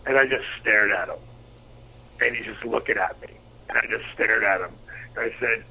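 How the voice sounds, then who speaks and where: A middle-aged man, a former pro wrestler, telling profane, animated anecdotes as an interview guest. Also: lowish voice, moderate pace, vocal fry, long pauses, slightly rough. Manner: profane, animated storyteller acting out quotes. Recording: slightly dull lo-fi recording.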